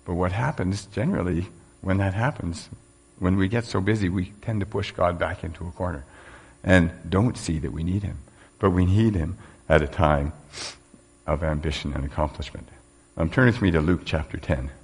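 Deep, gravelly-voiced male preacher. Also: moderate pace. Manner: conversational, with frequent fillers and rhetorical questions. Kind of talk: sermon.

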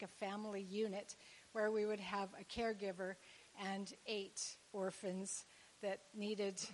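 A woman tells a story in a loose, rambling way, often circling back with "anyways". Her voice carries a long hall reverb with faint hiss behind it. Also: mid-range voice. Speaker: charity co-founder, speaker's wife. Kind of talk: storytelling talk.

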